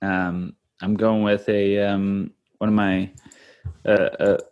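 Hesitant man with a deep voice. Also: little pitch movement, takes it slowly, clean tone, dull audio. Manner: hesitant, many ums. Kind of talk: casual chat. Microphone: video call.

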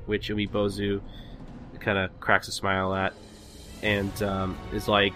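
A man's voice: fairly low pitch, measured pace, soft background music. A man hosting a podcast, casually retelling comic scenes with lots of fillers. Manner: relaxed, filler-heavy retelling. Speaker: podcast host. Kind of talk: casual chat recapping a comic.

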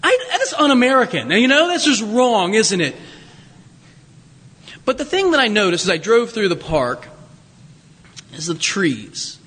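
A man preaching a sermon, telling stories with humor and asides in an animated way. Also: very high voice, moderate pace, pauses often, husky, big-room sound. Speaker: pastor.

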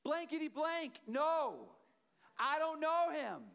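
A man's voice: very high voice, sing-song, takes it slowly, creaky, pushed and bright, dull audio, voice pushed up, full character voice. A man preaching, voicing Peter as a frightened grown fisherman who flusteredly denies knowing his friend. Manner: raised, flustered and defensive. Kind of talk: acted quote in a sermon.

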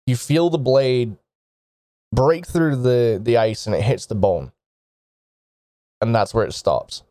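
Slow, mellow-voiced male game master. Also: mid-range voice, no room sound, clean studio sound. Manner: measured, descriptive narration. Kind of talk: narrating a tabletop game.

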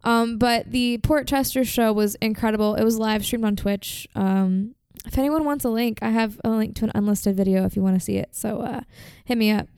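A young woman with a higher voice that sounds very smooth and clear. She tells stories in a chatty podcast style, full of filler words. The recording is close and dry. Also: steady tone, moderate pace, few pauses, darkish tone, dry recording. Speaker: podcast co-host. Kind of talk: casual chat.

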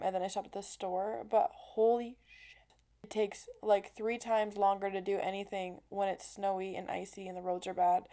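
A young woman hosts her solo podcast in a loose, rambling chat, full of "like" and casual swearing. Her voice has a soft, warm, mellow tone at an ordinary middle pitch. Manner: chatty and rambling, heavy use of "like", casual swearing. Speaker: podcast host.

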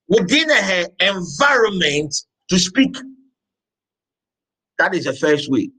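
A man preaching a sermon as pastor, emphatic, repeating phrases and shouting out words now and then. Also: sits high, lively intonation, slow, rough recording.

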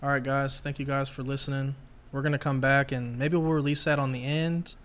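A man's voice: mid-range voice, level tone, brisk, a bit bright. A man hosting a podcast, chatting casually with lots of swearing and joking. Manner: laid-back, heavy swearing, joking. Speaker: podcast host.

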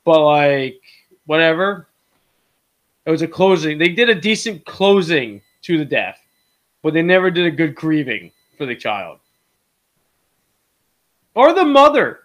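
A man with a high voice chats loosely about a film, rambling between thoughts and laughing often. He swears freely and breaks into mocking impressions. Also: sing-song, unhurried, pauses often. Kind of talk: casual movie review chat.

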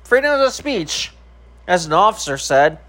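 A man's voice: high-pitched, sing-song, a little slow, sharp tone. A man streaming and vlogging, talking casually to camera in a rambling, profane way with many filler ums.

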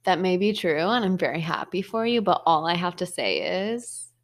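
A woman's voice: on the low side, lively intonation, moderate pace. A young woman co-hosting a podcast, chatting in a playful, slangy way. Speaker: podcast co-host. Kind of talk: casual chat.

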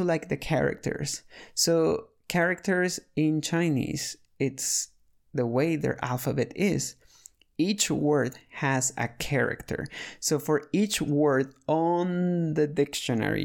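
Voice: medium pitch, vocal fry, a little mellow. A speaker casually telling a story about learning a language, chatty and full of restarts and fillers.

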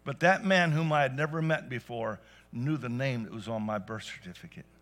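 A man preaching a sermon to a church congregation, telling stories and rising to loud emphatic peaks. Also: medium pitch, fairly quick. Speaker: pastor. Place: church service.

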